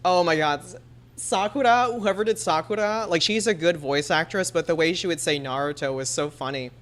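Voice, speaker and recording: A woman's voice: lowish voice, normal speed, fairly bright tone. A woman streamer chatting casually and laughing often, using many fillers. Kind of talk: casual chat.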